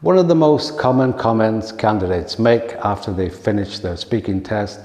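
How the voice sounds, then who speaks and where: A man addressing fellow teachers in a measured, clear, scripted teaching talk. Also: on the low side, darkish tone. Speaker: teacher trainer. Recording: echoey room with long reverb.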